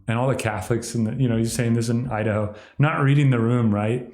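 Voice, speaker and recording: On a livestream, a man delivers rambling solo commentary full of sardonic mockery and occasional over-the-top impressions. His voice is mid-range, steady, and a little mellow, moving at a moderate pace in an echoey room.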